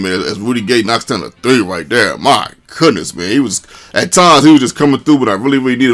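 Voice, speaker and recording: A man casually narrating his own basketball video game match, chatty and excitable, peppering his talk with "man". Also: medium pitch. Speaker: gaming commentator.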